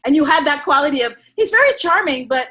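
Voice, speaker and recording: A woman chats in an animated storytelling way, often laughing. Her voice is high and bright, and it leaps all over the scale. She swings from loud outbursts to soft, muttered asides. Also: fast.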